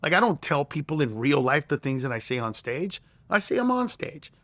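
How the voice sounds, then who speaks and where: Brisk and fairly bright, this middle-aged comedian guest's voice sits on the high side and moves through big pitch swings. Laughing as he goes, he tells a conversational story and performs the lines he quotes loudly. The recording has no echo.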